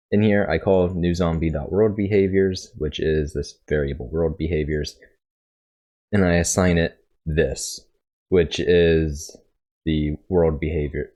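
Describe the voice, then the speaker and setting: A man with a deep, low voice talks through his project in a casual tutorial. He sounds congested and rambles, often stopping to correct himself as he thinks aloud. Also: a little mellow. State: congested, coughing. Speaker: coding tutorial host. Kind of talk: casual screen-share coding tutorial.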